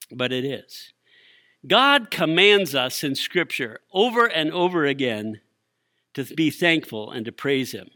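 Man, sermon, emphatic, repeats lines, slightly high pitch, bright tone. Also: no room sound, clean studio sound. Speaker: preacher.

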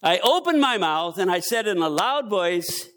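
An older man delivers a sermon with a lively, swooping voice that rises and falls as he tells his story. His pitch sits a little above the usual for a man, and he acts out the quotes he tells. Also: moderate pace. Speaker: preacher.

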